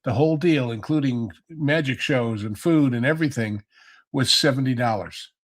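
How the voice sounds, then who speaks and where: A man's voice: mid-range voice, moderate pace. A man on a podcast panel telling rambling, nostalgic stories in casual chat.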